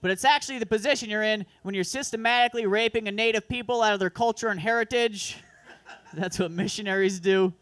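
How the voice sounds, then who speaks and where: A man's voice: high-pitched, quick pace, a bit bright, clean tone, no room sound. A man performing a crude, self-deprecating stand-up set at an open mic, rambling through asides. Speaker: stand-up comedian. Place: comedy club open mic.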